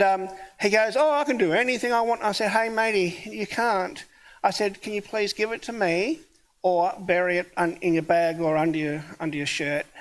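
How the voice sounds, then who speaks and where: A man who is a pastor, preaching a sermon in a conversational storytelling way and acting out the dialogue of his story. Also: sits high. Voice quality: hard of hearing.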